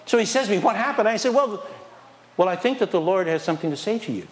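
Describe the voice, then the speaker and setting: A man delivers a sermon as pastor in a voice sitting a little high for a man. He talks to the room with constant questions and lively shifts in loudness. Between points he sometimes mocks excuses in a whiny tone. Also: quick pace. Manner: animated, questions the congregation, swings from loud to quiet.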